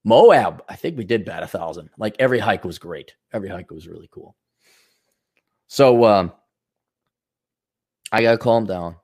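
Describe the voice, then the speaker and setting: A man's voice: fairly low pitch, animated, moderate pace, pauses often, a little mellow. Profane rambling male talk host. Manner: profane, sarcastic rambling with mock voices. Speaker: show host. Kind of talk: rambling monologue.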